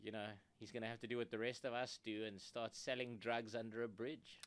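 A man co-hosting a comedy podcast, joking in a dry way and often trailing off quietly. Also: medium pitch, level tone, brisk, clear, resonant tone, dry recording. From South Africa. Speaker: podcast co-host. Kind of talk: casual comedy chat.

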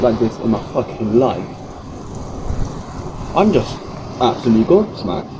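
A young English man giving casual, excitable gameplay commentary from his bedroom, swearing constantly and talking to himself. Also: mid-range voice, measured pace, long pauses, highs cut off, noisy background. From England. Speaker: gaming youtuber. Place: bedroom at home.

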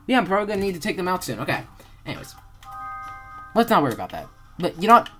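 A woman giving rambling, excitable gameplay commentary as a channel host, with sudden loud outbursts and swearing. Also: fairly low pitch, very fast, faint music behind, low-quality recording.

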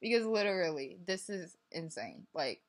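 A woman's voice: lowish voice, normal speed. A young woman vlogging to camera, retelling a text argument and playing out both sides with lots of laughter. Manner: animated, laughs often, acts out both sides of a chat. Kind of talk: casual storytelling vlog.

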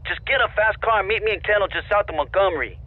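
Game role: easygoing slangy street racer, over a tinny phone line. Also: male voice, high voice, fast. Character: laid-back young male street racer friend. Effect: phone call. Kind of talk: video game voice acting.

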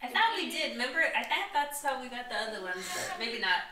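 A woman's voice: fairly high pitch, big pitch swings, brisk. A middle-aged woman co-hosting a family live stream with laid-back, chuckling remarks. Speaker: family vlog co-host and mom. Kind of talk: casual live-stream chat. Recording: echoey room with background noise.

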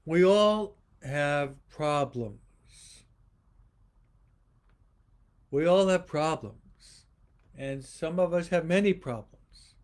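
A man preaching a homily to viewers following online, his voice sitting a little high for a man. He speaks very slowly, repeating rhetorical questions one after another. He often pauses and restarts his sentences as he goes. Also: lively intonation. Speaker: priest. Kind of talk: livestreamed homily.

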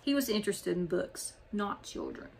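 A woman narrating a children's chapter book in a clear, steady storytelling manner. Her voice sits at a middle pitch. A faint noise hums under the recording. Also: normal speed, rough recording. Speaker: audiobook narrator.

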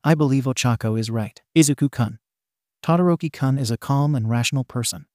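A man's voice: medium pitch, fairly quick, darkish tone, no room sound, clean studio sound, lightly acted. A man voicing a formal, earnest teenage boy who speaks in a firm tone, in a storybook reading.

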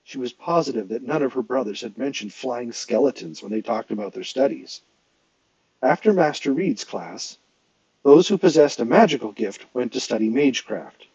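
A man reads a novel aloud in a steady, expressive way at an ordinary pitch. The recording is dry and close, with a slightly dull, lo-fi tone. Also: moderate pace, dry recording. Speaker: audiobook reader.

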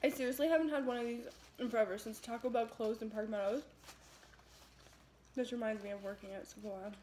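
A young woman chats casually through an eating vlog in a high, bright-pitched voice. She giggles often and talks between bites, playful and relaxed, with faint hiss underneath. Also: fast talker. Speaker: vlogger host. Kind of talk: casual mukbang chat.

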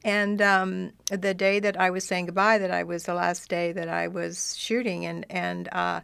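A woman in her seventies, an actress telling stories as a guest on a radio interview in a studio, animated and self-deprecating. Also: on the low side, normal speed, vocal fry, clear, resonant tone, dry recording.

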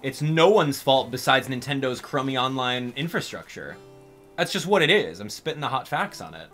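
A young man venting his frustration to viewers during live gameplay commentary, with a bright, forceful voice. His pitch swings widely as he rants, and faint music plays behind him. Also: animated, moderate pace. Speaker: gaming channel host.

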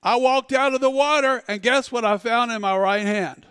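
A man preaching a sermon as a pastor, telling stories and swinging between loud outbursts and hushed asides. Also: very high voice, moderate pace, smooth, dry recording, clean studio sound, long reverb tail. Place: church sanctuary.

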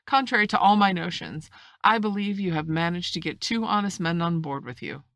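A woman reading a novel aloud, voicing a calm, shrewd male country doctor who speaks in a measured, reasonable way. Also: lowish voice, no echo, voice pushed up. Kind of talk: audiobook reading.

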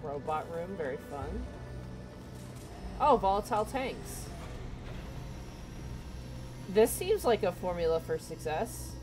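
A woman's voice: fairly low pitch, big pitch swings, slow pace, long pauses, music in the background. A woman live-streaming a video game, chatting casually and playfully with viewers and friends.

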